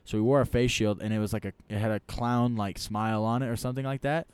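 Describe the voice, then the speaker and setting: A man telling a story in casual chat, rambling and animated, often tagging lines with "right?". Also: fairly low pitch, fast, smooth, no room sound.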